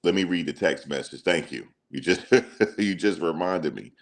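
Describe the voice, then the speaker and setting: A man's voice: low voice, moderate pace, vocal fry. A man hosting casual celebrity news commentary, emphatic and slangy, repeating his points. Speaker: commentary channel host.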